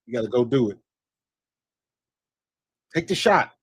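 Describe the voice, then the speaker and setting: A man giving excited live fan commentary on a basketball game, talking to the players as if coaching them and scolding missed shots. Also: medium pitch, a little slow, breathy edge, dry recording. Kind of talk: live watch-along commentary.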